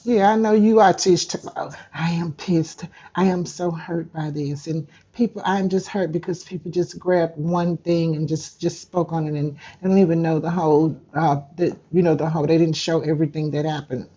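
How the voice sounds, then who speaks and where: A woman's voice: low-pitched, fairly even intonation, moderate pace, hardly any pauses, mellow, slightly rough. A woman ranting straight at her target in a vlog, indignant and direct, recorded with dull lo-fi sound. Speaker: YouTuber.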